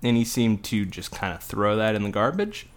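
Man, young adult, podcast co-host, heated sarcastic rant, swearing, lowish voice. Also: animated, normal speed.

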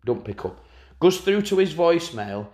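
Lively man chatting football. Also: a little high, normal speed, roomy sound. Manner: lively storyteller, slips into impressions of people. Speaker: podcast co-host. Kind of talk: casual football chat.

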